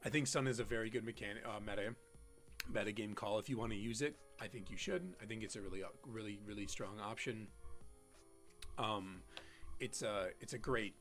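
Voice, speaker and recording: A man giving casual strategy commentary on a competitive Pokemon team, halting often with "um"s and restarting his sentences. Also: fairly low pitch, fairly bright tone, soft background music. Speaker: competitive Pokemon player and content creator.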